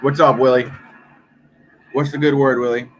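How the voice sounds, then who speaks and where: A man in his thirties, chatting casually on a live stream, telling a story with lots of swearing and quick impressions of other people. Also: medium pitch, slight background noise, poor audio. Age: 30s. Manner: profane, animated storytelling, mimics others.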